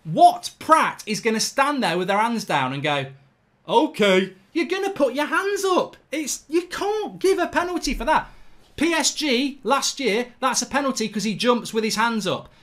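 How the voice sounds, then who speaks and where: A man's voice: very high voice, big pitch swings, moderate pace, a bit bright. A man hosting a football fan channel, ranting heatedly and swearing through a live match reaction.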